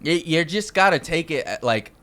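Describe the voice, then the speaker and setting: A man's voice: on the high side, lively intonation, moderate pace, a bit bright. A man on a podcast, talking in a laid-back, profane casual chat.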